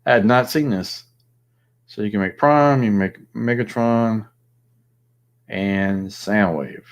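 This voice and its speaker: A lower-pitched man hosts a loose, casual chat. He rambles and thinks aloud, padding his talk with ums and restarts. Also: slow. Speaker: host.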